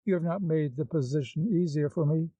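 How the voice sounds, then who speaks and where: Give me an earnest, troubled young woman, as a man reads her, in a mellow, slightly high voice. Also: a little fast, slightly rough, dry recording. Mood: worried. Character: gentle, worried young woman. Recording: slightly dull, dry recording.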